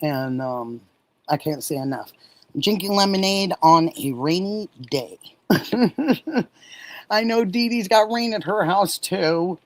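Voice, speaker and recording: A middle-aged woman from Oregon chats slowly and warmly with her livestream audience. She drifts between thoughts and lights up when she reads their messages. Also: fairly low pitch, no echo, rough recording. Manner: warm, gushing, reads and answers chat messages. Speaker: livestream host. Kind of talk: casual livestream chat with viewers.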